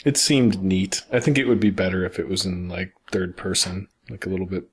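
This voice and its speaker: A man's voice: deep voice, fairly quick, husky. A young man co-hosting a casual gaming podcast, joking around and laughing often. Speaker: podcast co-host.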